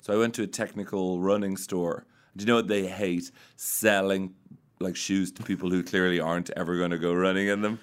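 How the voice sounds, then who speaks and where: A man's voice: low-pitched, level tone, fairly quick, clear, resonant tone. A man with an Irish accent, chatting as a comedy guest and telling dry, self-mocking stories. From Ireland. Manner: dry self-deprecating storytelling. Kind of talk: casual comedic chat.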